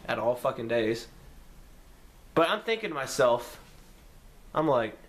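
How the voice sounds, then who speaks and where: A young man telling a story to the camera in a casual, profane way, acting out his own lines with sudden jumps in pitch. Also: fairly bright tone. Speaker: vlogger.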